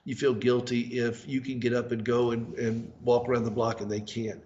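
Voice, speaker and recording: A man's voice: medium pitch, steady tone, a little fast, darkish tone. Earnest Southern man on a dull line. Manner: earnest, repeats words for emphasis. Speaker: interview guest. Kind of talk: remote news interview.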